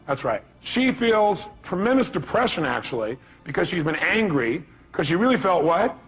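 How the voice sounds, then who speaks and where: A man's voice: high-pitched, very animated, moderate pace, fairly bright tone, breathy edge, faint music behind. A man giving a motivational seminar talk, emphatic and firing rhetorical questions at his audience. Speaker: motivational speaker.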